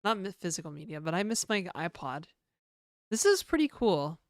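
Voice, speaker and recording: A woman's voice: fairly low pitch, very animated, moderate pace, no echo, studio quality. A woman streaming her game development, chatting loosely with viewers and rambling between reactions. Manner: rambling, chatty, swears casually, reacts to chat. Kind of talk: casual livestream chat.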